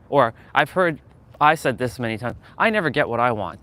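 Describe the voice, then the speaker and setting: A man strolls outdoors on a street, streaming live from his gimbal-mounted phone and talking casually to his viewers with lots of laughter. His mid-range voice is animated, a little fast, pushed and bright.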